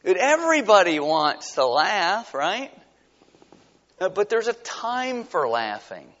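A pastor preaching a conversational sermon, full of rhetorical questions and lively asides. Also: male voice, high voice, slow. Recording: dull sound with long hall reverb.

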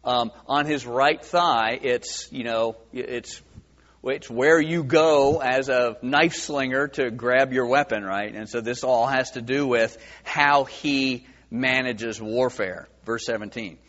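A man's voice: medium pitch, steady tone, slow pace, fairly bright tone. A man teaching through a Bible passage verse by verse in a conversational way, with many fillers. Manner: conversational, many fillers, acts out quoted voices. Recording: dull sound with long reverb in a large hall.

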